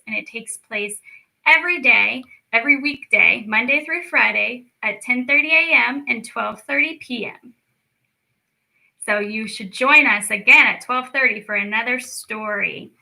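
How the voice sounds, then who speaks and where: A woman leading a children's storytime lesson, speaking slowly and clearly with encouraging teacher talk. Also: fairly high pitch, bright, forceful tone, low-quality recording. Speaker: speech clinic storyteller.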